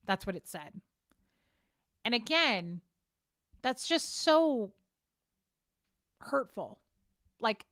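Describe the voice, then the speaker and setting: Talking to the camera, a female vlogger vents with frank exasperation, cursing and saying things over again. Her voice is a little high and a bit bright, studio quality with no room sound.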